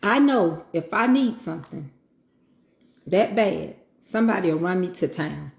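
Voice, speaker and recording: A woman's voice: lowish voice, lively intonation, a little slow, vocal fry, darkish tone, reverberant. Folksy woman talking over a meal. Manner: folksy Southern talk, preachy asides. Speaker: home cooking vlogger. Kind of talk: casual chat while eating.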